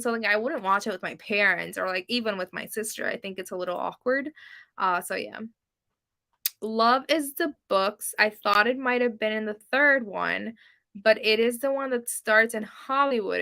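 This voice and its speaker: A young woman who speaks Spanish as her first language hosts a casual booktube livestream, reading comments with giggly self-deprecation and plenty of ums and likes. Her voice is on the high side, gravelly, pushed and bright.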